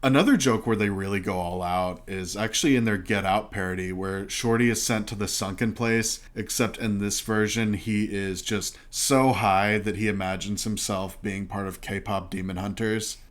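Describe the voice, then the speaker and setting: A man co-hosting a film review podcast, talking in a measured, analytical way. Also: lowish voice, steady tone. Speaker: podcast co-host. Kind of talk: casual film review chat.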